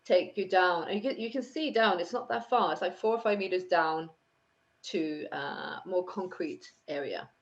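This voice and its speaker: A woman narrating a tabletop game as game master, describing scenes slowly with many fillers and restarts. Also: fairly low pitch. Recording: dull lo-fi sound.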